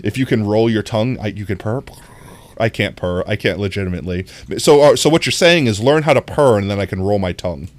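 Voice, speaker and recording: Animated young man chatting on stream. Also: fairly low pitch, brisk. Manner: rambling, animated, full of fillers and laughs; reacting to chat messages. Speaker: livestreamer. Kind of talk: casual live-stream chat.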